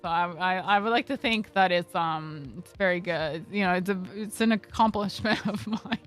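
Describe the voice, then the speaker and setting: A woman's voice: on the low side, normal speed, fairly bright tone, faint music behind. A young woman streamer telling a casual story, rambling with lots of fillers and swearing freely.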